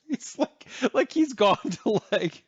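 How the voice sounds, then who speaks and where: A man's voice: very high voice, breathy edge, no echo. A man hosting a casual reaction video, talking in blunt, exasperated asides recorded on a dull, lo-fi home mic.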